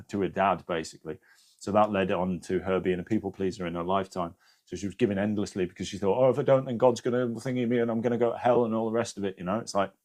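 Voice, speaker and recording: A man hosting a live stream, giving casual spiritual advice to viewers, swearing freely and often checking in with "yeah?". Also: low-pitched.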